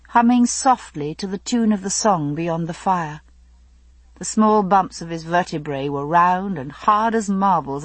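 Female audiobook narrator, measured first-person reading, slightly low and husky. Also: no room sound.

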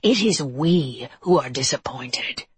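A woman voicing a snarling male monster with a rasping, whispery growl in a storybook reading. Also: extremely low pitch, animated, slow, dry recording, heavily acted. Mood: bitter.

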